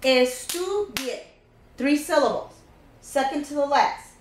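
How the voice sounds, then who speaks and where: A woman's voice: high voice, animated, slow pace, reverberant, a little hiss or hum, low-quality recording. A woman teaching a Spanish grammar lesson, patiently walking through each step and repeating key points.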